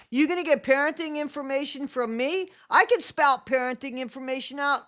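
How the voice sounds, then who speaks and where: A woman's voice: high voice, brisk, few pauses, a bit bright. A woman hosting her own channel and giving blunt, sarcastic reaction commentary. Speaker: channel host.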